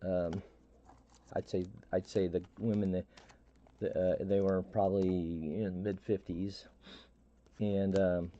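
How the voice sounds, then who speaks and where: A man's voice: low voice, level tone, mellow. Rambling middle-aged man, muffled stream audio. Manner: rambling, halting, lots of restarts and fillers. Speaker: live stream host. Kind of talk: casual storytelling chat.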